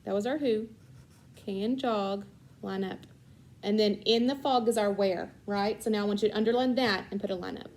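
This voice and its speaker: A woman's voice: medium pitch, moderate pace, a little mellow. A woman tutoring a child in reading, patient and encouraging, with bursts of praise. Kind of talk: one-on-one reading lesson with a child.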